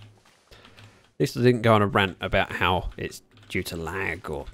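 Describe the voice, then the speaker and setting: A man chatting casually at his desk while livestreaming a game, speaking into a desk microphone, with sudden excited yelps. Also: low voice, a little slow. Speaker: gaming livestreamer. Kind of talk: casual commentary while playing.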